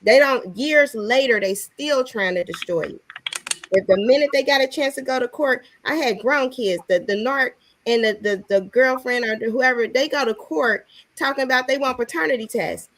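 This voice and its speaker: A woman's voice: fairly high pitch, normal speed, a little hiss or hum. A woman talking casually as a guest, emphatic and testifying. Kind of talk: casual talk.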